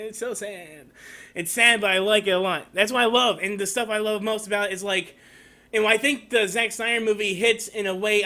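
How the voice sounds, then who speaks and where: A man's voice: high-pitched, pushed and bright. A man reviewing a movie trailer on his own channel in a rambling, emotional casual talk, getting teary at moments. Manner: rambling, emotional, tearing up at times.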